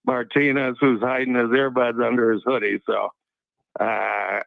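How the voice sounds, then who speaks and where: Gravelly man on a tinny phone line. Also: mid-range voice, little pitch movement, unhurried, no room sound. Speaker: caller. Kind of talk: casual call-in chat.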